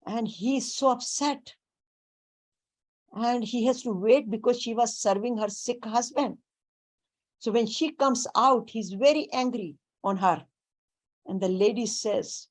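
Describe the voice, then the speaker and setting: A woman giving a spiritual talk, speaking deliberately and weaving in Sanskrit and Hindi terms. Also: on the high side. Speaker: spiritual teacher.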